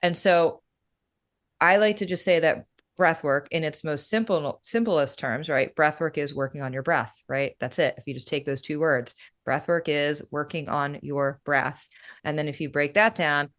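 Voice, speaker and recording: Talking through her breathwork practice, this woman has a deep voice and a moderate pace. Her explanation is laid-back and casual, sprinkled with plenty of "you know" and "right?"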